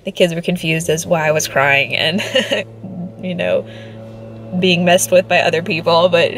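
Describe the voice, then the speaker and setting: A woman's voice: lowish voice, fairly even intonation, takes it slowly, pauses often, a little hiss or hum. A young woman giving a casual vlog update, emotional and teary but relieved, laughing now and then. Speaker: vlogger.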